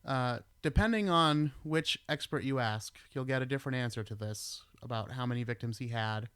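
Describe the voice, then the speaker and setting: Laid-back man with a smooth voice. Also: mid-range voice, normal speed, fairly bright tone, no room sound, studio quality. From United States. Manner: laid-back, swears casually, tells stories. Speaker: podcast host. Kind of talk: casual chat.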